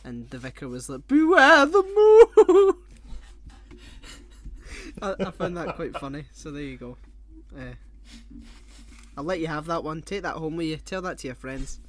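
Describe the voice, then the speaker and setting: A young man co-hosting a casual podcast, excitable and sweary, quick to loud laughter. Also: a little high. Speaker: podcast co-host.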